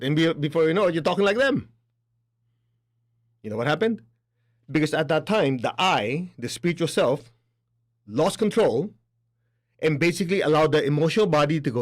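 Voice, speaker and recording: A man giving a spiritual lecture, animated and laughing between points, acting out other people's voices as he talks. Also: on the high side, brisk, pauses often. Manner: animated, acts out quoted voices. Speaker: spiritual teacher. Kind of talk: spoken lecture.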